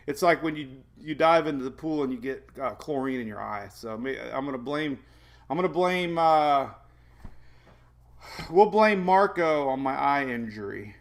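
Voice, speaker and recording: A weather show host rambles through a casual live stream from his home, self-deprecating and jokey, laughing often. He speaks a little slowly in an animated, mid-range voice.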